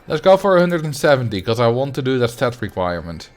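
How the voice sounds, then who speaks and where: A young man talks his way through a building game on a livestream, with an easy, chatty manner. His voice sits at an ordinary middle pitch, and he laughs often and mutters half-sentences as he works. Faint game music plays behind him. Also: sing-song, quick pace. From Netherlands. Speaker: game streamer. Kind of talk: casual livestream commentary.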